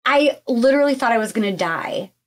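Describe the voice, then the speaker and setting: A woman in her forties co-hosts a podcast, playful and animated as she tells stories between laughs. Her voice sits a bit high and swoops lively up and down. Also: fairly quick. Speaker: podcast co-host. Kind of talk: casual chat.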